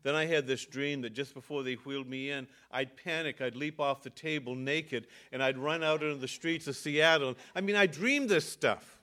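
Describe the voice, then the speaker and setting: An older man, a pastor, telling a personal story in an earnest sermon with halting restarts. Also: medium pitch, bright, forceful tone.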